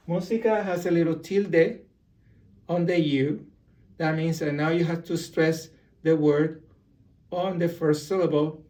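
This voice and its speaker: A man teaching a beginner language lesson, explaining slowly and repeating example words. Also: fairly high pitch, fairly even intonation, warm tone, recorded from a distance. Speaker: Spanish teacher. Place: room with a whiteboard.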